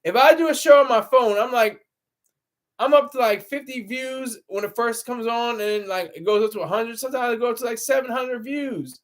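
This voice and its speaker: High-voiced man rambling on a livestream. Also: moderate pace. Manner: rambling, laughs often, answers chat. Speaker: livestream host. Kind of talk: casual livestream chat. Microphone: laptop camera mic.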